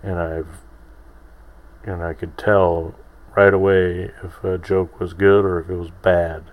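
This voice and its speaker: Deep, slow-talking man rambling on a podcast. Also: flat delivery, darkish tone. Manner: rambling, self-deprecating, many restarts. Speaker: podcast host. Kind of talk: casual solo podcast monologue.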